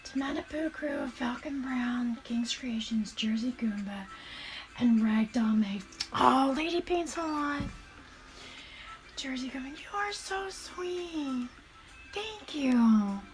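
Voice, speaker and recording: Soft-spoken woman streamer, higher voice. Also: lively intonation, slow, music in the background. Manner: soft, often half-whispered, warmly thanking viewers. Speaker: shoe-painting streamer. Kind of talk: casual live-stream chat while painting.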